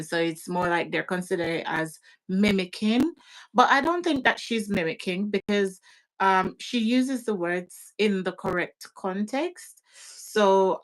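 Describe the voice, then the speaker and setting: A woman talking in an unhurried, casual chat, laughing now and then and dropping in patois phrases. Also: mid-range voice, low-quality recording. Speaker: guest parent.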